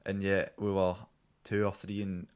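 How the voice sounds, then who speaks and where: A young man with a Scottish accent, chatting in a relaxed way on a podcast. He speaks quickly with a slight slur and boasts playfully. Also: low-pitched, smooth. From Scotland. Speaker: podcast guest. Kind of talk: casual chat.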